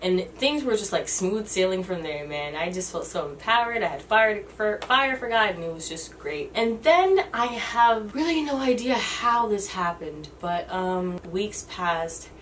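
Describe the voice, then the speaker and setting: A woman in her twenties telling a personal story in a halting, emotional way, often restarting her sentences. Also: mid-range voice, expressive, far from the mic, a little hiss or hum. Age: 20s. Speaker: vlogger.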